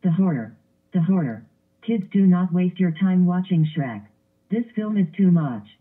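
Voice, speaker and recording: A man's voice: high voice, expressive, measured pace, breathy edge, heavily acted. A male computer voice playing a spiteful green Grinch with a whiny, repetitive ranting manner, over tinny lo-fi sound.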